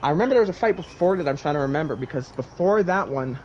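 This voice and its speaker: A young man in casual chat, retelling a wild dream and acting out its voices with lively swearing. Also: fairly high pitch, quick pace. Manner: animated storyteller, acts out voices, swears casually. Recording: dull lo-fi sound with faint noise.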